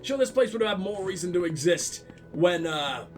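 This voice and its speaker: High-pitched sarcastic gaming host. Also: male voice, normal speed, faint music behind. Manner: sarcastic, profane and animated. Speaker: let's play host. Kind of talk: casual gameplay commentary.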